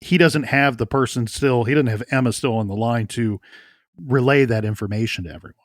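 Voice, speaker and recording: Talking through a true crime case with his co-host, this man sounds earnest and tends to repeat words while he thinks aloud. He speaks fairly quickly in a mid-range voice, captured at studio quality with no room sound.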